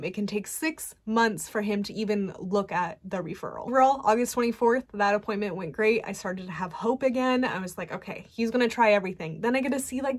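A young woman vlogger telling a personal story to camera, candid and emotional, with frequent fillers. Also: mid-range voice.

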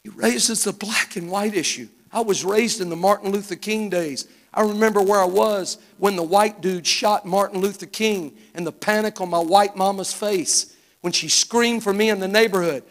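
High-pitched Southern preacher man. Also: moderate pace, fairly bright tone. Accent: Southern American. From Arkansas. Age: 50s. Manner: fervent, storytelling, folksy with repetitions. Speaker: guest preacher. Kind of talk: live church sermon. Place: church sanctuary.

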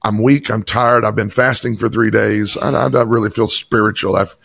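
A man's voice: lowish voice, steady tone, normal speed, vocal fry, fairly bright tone, no echo. A pastor from Chattanooga, a man, telling an emphatic personal testimony in an interview. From Chattanooga, Tennessee. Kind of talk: interview storytelling.

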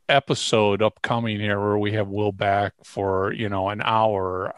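A man's voice: lowish voice, no room sound, studio quality. A man co-hosting a podcast, chatty and prone to rambling side stories. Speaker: podcast co-host. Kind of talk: casual podcast chat.

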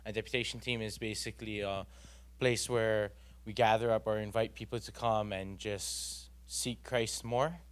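A man's voice: on the low side, steady tone, normal speed. A young man, giving an earnest, rambling personal testimony at a church youth gathering, full of fillers and restarts.

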